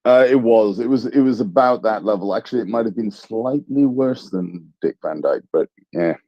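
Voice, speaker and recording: A man with a very low voice talks through current events on a live online audio panel, halting and rambling with self-deprecating asides. The sound is dry and close but muffled, like a streamed call. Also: lively intonation, dark tone, no room sound. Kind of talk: casual analytical discussion.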